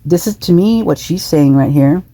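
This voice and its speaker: A woman with a low, husky voice talks through a clip with indignant, emphatic commentary. She hammers points home by repeating them. The recording is dry and close. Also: lively intonation, moderate pace, warm tone, dry recording. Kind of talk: reaction commentary.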